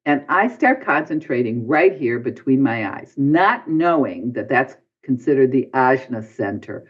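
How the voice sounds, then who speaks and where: A man's voice: mid-range voice, animated, a little slow. A man guest on a podcast, telling a personal story and acting out his own past lines with big swings of voice. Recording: dull lo-fi podcast audio.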